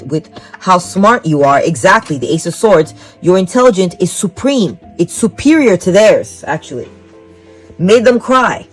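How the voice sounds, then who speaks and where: A woman with a lowish voice, heard on a rough recording with faint music, reads tarot psychically for the viewer. Her delivery is rambling and repetitive, and she speaks directly to the viewer, encouraging them throughout.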